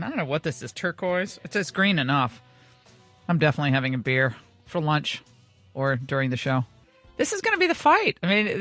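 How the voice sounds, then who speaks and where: A woman hosting a talk show, brisk, teasing and opinionated as she chats with callers and guests. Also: sits low, fairly bright tone, dry recording, clean studio sound. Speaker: talk radio host. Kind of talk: opinionated talk radio monologue and chat.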